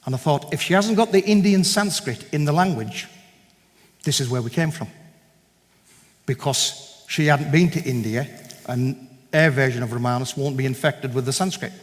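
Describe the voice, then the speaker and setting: A man giving a personal testimony at a church gathering, telling his story in an animated way and acting out the conversations in it. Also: medium pitch, normal speed, pauses often. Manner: animated storyteller who acts out dialogue. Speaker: guest speaker giving a testimony. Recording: echoey hall with long reverb.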